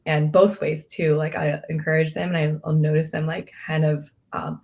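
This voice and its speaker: A woman's voice: low voice, level tone, moderate pace, creaky, a little mellow. A woman coach in a casual group discussion, speaking thoughtfully with hesitant restarts.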